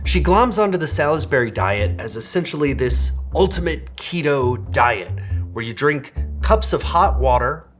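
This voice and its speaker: A man's voice: a little high, lively intonation, normal speed, faint music behind. A man hosting a casual explainer video, chatting wryly with amused asides while demonstrating a kitchen gadget. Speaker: video essay host. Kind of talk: casual explainer with cooking demo.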